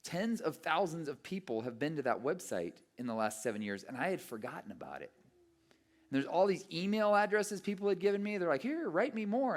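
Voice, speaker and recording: A middle-aged man preaching a sermon, telling stories and acting out his own thoughts with lively shifts of voice. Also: fairly high pitch. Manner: animated storytelling, acting out his own inner voice. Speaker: pastor.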